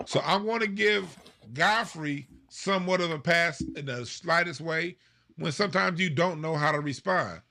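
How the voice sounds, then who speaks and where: A man's voice: fairly high pitch, normal speed, vocal fry. A man hosting a podcast, commenting on clips he plays and repeating points for emphasis. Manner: animated, breaks down clips, repeats himself for emphasis. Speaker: podcast host reacting to clips. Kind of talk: commentary over played clips.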